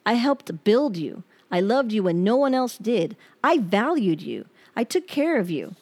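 A woman's voice: mid-range voice, sing-song, a little slow, a little mellow. Woman, podcast host, personal monologue, candid, reflective, rambling.

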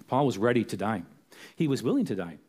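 A man's voice: on the low side, big pitch swings, moderate pace, darkish tone, breathy edge. A man preaching a sermon as a pastor, earnest, repeating phrases for emphasis.

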